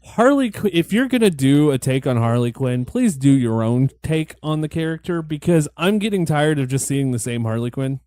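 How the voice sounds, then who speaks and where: A man's voice: on the high side, expressive, normal speed, few pauses, darkish tone, dry recording. Wry, offhand man chatting about movies. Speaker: podcast co-host. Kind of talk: casual movie-watching commentary.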